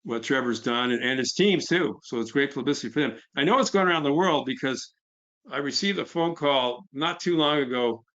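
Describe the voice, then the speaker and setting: A middle-aged man talks through a presentation in a relaxed, conversational way, full of "uh"s and restarts. His voice sits in a middle pitch. The sound is a little dull and lo-fi. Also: a little fast. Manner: conversational, fillers, quotes others. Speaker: nonprofit founder. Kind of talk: webinar presentation.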